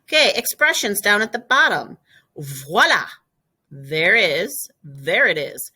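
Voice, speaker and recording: Bright-voiced woman teaching French slowly. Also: medium pitch, very animated. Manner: clear step-by-step explaining, repeats words slowly. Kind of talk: classroom lesson video.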